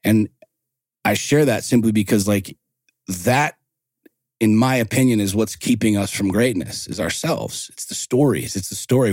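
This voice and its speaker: A man in his forties talks bluntly and swears freely as a podcast guest, building his stories with rising passion. His voice sits fairly low, and the recording is dry and close, with almost no room sound. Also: normal speed, darkish tone, no room sound. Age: 40s. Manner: blunt, profane, impassioned storytelling. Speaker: podcast guest, men's coach. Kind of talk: casual interview talk.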